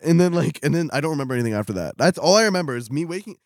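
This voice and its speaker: Young male podcast co-host, very fast, swings his pitch a lot. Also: dry recording, clean studio sound. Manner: rapid, expressive, swears freely. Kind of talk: casual chat. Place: studio.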